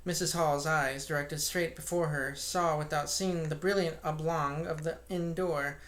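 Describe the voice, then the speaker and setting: Audiobook reader: woman narrating a classic novel, steady and measured. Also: deep voice. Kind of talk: reading a classic novel aloud.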